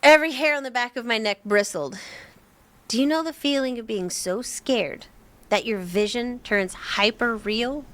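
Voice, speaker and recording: A woman's voice: on the high side, moderate pace, a bit bright. A young woman casually reading a horror story aloud, breaking off with giggling, swearing asides. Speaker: story reader.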